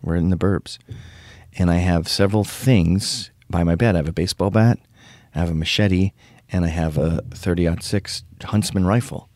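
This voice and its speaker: A man's voice: sits low, moderate pace, a little mellow, dry recording, studio quality. A middle-aged man hosting his own show, telling crude stories in a ranting casual monologue. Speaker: show host.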